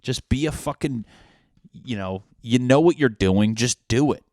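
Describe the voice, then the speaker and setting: A man's voice: mid-range voice, a little slow, darkish tone, no echo, studio quality. A young man hosting a casual solo podcast, swearing freely and mocking what he reads aloud. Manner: profane, sarcastic, reads lyrics and captions aloud mockingly. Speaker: podcast host.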